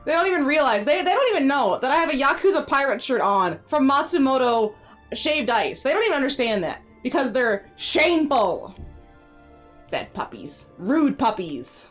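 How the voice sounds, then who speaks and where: A woman streamer with a high, slightly bright voice chats casually during a gaming live stream, rambling along and talking sweetly to her pets.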